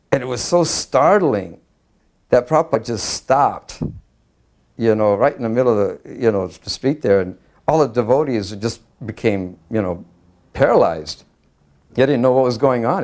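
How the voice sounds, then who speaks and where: A man earnestly recalling a personal memory, halting often with fillers and restarts. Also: fairly low pitch, a little mellow. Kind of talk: recorded personal reminiscence.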